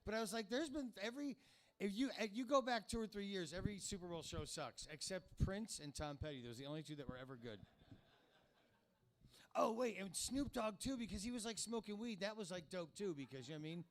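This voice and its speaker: A man's voice: sits high, expressive, a little fast. A man in his fifties hosting a comedy show, talking to the crowd in a rambling, profane, conversational stand-up manner. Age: 50s. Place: comedy club stage.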